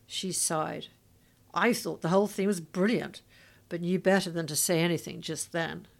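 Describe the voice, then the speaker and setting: A woman narrating a memoir-style story in a steady, storytelling manner. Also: on the low side, moderate pace, gravelly. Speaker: audiobook narrator. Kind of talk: scripted narration.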